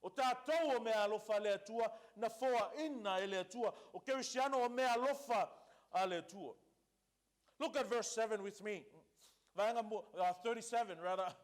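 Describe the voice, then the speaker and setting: A man preaching from the pulpit, his voice sitting high for a man. He hammers his points home with emphatic repetition and moves back and forth between two languages. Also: fairly quick. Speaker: pastor. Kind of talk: sermon.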